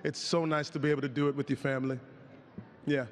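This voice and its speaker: A hoarse actor answering reporters candidly in an awards press room. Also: male voice, fairly high pitch, fast, in a large hall. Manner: candid, reflective, loosens up when excited.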